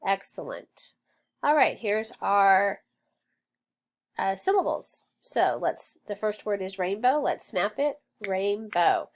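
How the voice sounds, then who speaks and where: A woman teaching a phonics lesson, sounding out words slowly and encouraging the learner as she goes. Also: medium pitch, big pitch swings. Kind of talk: slow, deliberate phonics lesson. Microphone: online lesson recording.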